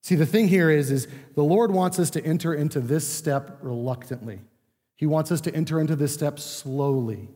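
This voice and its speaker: A man with a fairly high voice preaches a sermon in an easygoing, conversational teaching manner, slipping into the voices of the people he describes. His words ring out with a long reverb, as in a large church sanctuary. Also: a little mellow. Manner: conversational teaching, acting out quoted speech. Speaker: pastor.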